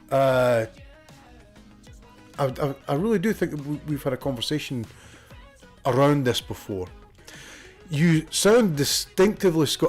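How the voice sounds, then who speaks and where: A Scottish man streaming from a room at home, chatting in a rambling way and reading his viewers' messages aloud. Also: medium pitch. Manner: rambling, reads chat aloud. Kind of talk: casual chat with viewers.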